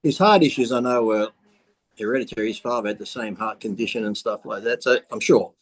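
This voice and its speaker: A man with an Australian accent, a guest in a casual podcast chat, animated and crude, swearing freely and laughing often. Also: on the low side, fairly quick.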